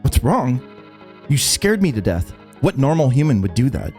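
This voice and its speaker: A man's voice: mid-range voice, sing-song, moderate pace, a little mellow, soft background music, natural voice. A man voicing a hot-tempered young gunslinger girl who talks in a brash, snappy, cursing way. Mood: angry.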